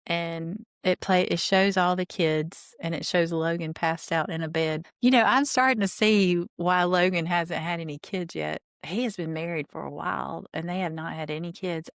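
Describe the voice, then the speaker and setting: A woman's voice: fairly low pitch, steady tone, normal speed, hardly any pauses, dry recording, clean studio sound. A woman hosting a podcast, giving chatty, indignant commentary on a reality TV rewatch. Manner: chatty, indignant, recaps scenes and reads quotes aloud. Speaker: podcast host.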